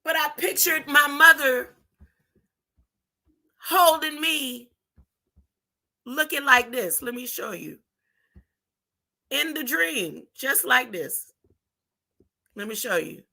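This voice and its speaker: A woman's voice: high voice, expressive, vocal fry. A woman giving an impassioned spiritual monologue, drawing her words out and tagging her points with a rising "huh?". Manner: drawn-out, deliberate phrasing with sudden loud bursts. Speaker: spiritual video preacher.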